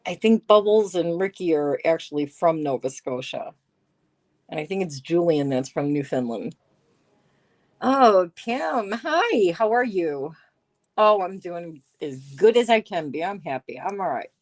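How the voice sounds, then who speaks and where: A woman's voice: on the low side, big pitch swings, measured pace. A middle-aged woman hosting a casual live stream, reading chat aloud with sarcasm and frequent laughs. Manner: sarcastic, laughs often, chats with viewers. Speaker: livestream host reading chat.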